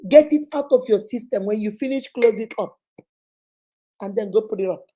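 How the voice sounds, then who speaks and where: Speaking at a normal speed with a mellow, medium-pitched voice, this relationship advice host and child therapist leads a live advice session. She's emphatic and motherly, going over points again and addressing the listener as "baby."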